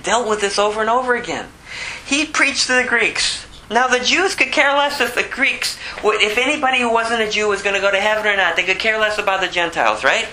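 Emphatic male Bible teacher, bright tone. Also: sits high, slight background noise, poor audio. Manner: emphatic, repeats phrases for effect; conversational with asides. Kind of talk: informal sermon.

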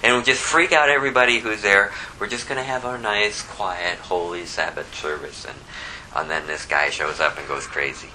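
A man preaching an expository Bible sermon in an animated way, reading scripture aloud and swinging from hushed asides to loud, emphatic bursts. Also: medium pitch, a little fast, a little hiss or hum, rough recording. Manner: reads scripture aloud in King James wording. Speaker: pastor.

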